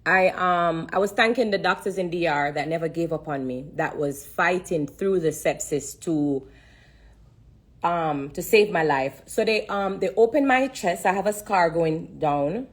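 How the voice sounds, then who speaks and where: A Jamaican woman speaks into her phone on a live stream, her voice low and husky. She is earnest and close to tears, repeating phrases again and again for emphasis as she gives her testimony. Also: unhurried. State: fighting back tears.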